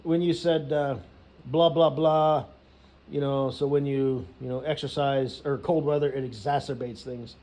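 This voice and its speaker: A man's voice: medium pitch, fairly even intonation, normal speed, few pauses, warm tone. A man telling a rambling, profane story, filling it with "you know" and laughs. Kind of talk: rambling casual rant.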